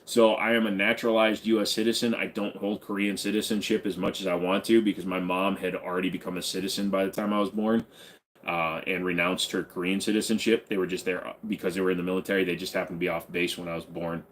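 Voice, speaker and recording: A man's voice: low voice, fast talker, slight background noise. Laid-back man chatting on a livestream. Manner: relaxed, rambling, reads viewer questions aloud and jokes back. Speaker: livestream host answering chat. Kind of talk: casual livestream Q&A.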